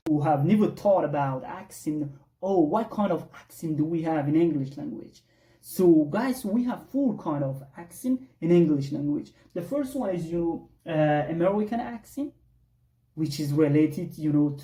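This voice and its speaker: Dark-voiced teacher. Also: mid-range voice, expressive, a little slow, distant mic. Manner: addresses listeners as guys, many fillers and repeated "I don't know". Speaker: English exam teacher. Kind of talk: online English lesson. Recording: echoey room, voice set back from the mic.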